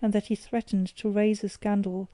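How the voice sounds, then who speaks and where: A woman narrating an audiobook in a measured, expressive reading. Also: mid-range voice, no echo.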